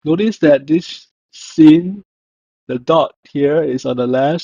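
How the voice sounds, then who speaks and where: A man's voice: a little high, takes it slowly, dark tone, husky. A man narrating a language lesson, saying each word and then repeating it with stress. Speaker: language teacher. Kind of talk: slow scripted lesson narration. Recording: dull lo-fi voice-over.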